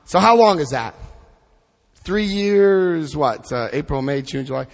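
A middle-aged man leading a recovery group through a book study, speaking with emphatic, drawn-out stresses and asking the room questions. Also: high-pitched, expressive, long reverb tail. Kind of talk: impassioned recovery talk to a group.

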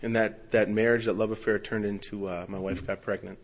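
A man's voice: fairly low pitch, level tone, fairly quick. A middle-aged man telling a heartfelt personal recovery story at a meeting, rambling with many fillers and restarts. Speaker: speaker sharing his recovery story. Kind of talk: personal testimony talk.

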